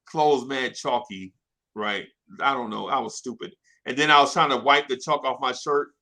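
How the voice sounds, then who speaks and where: A man telling a childhood story in casual chat, animated and slangy, often laughing. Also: medium pitch, moderate pace. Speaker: podcast storyteller.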